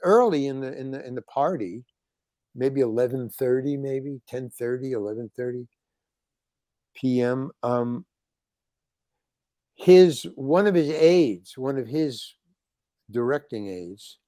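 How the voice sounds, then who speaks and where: An older man, a guest on an interview show, telling a long anecdote in an animated, rambling way and acting out the lines of the people in it. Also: mid-range voice, takes it slowly, pauses often, no room sound. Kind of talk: storytelling anecdote.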